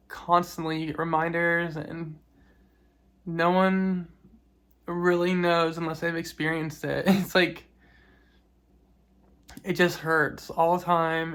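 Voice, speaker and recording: A woman talking in a personal vlog, soft and reflective, grieving, with small laughs between her words. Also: lowish voice. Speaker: vlogger.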